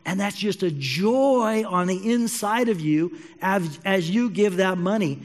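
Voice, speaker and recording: High voiced pastor guy telling a story in his sermon, animated, big echoey church hall. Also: measured pace, few pauses. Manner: animated storytelling, speaks to listeners as you.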